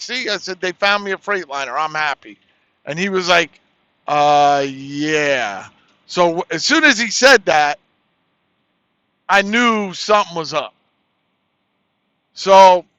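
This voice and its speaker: Man, high bright clear voice, blunt profane storyteller, dry dull-sounding recording. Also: dry recording. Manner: blunt, profane, retells dialogue with "I said". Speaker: truck driver. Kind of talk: casual storytelling rant. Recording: dry, slightly dull lo-fi audio.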